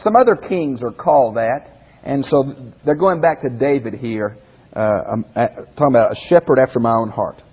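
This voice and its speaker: A man's voice: medium pitch, lively intonation, moderate pace, husky. A man, a pastor, teaching a Bible class in a conversational way, asking the group questions and restarting phrases as he goes. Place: classroom or church hall with a group. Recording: phone-like lo-fi audio in a reverberant hall.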